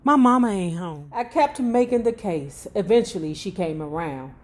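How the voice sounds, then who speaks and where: A woman's voice: medium pitch, expressive, moderate pace, a little mellow. A woman reading a memoir aloud at her own pace, breaking off for blunt, profane asides. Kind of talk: book reading with casual commentary.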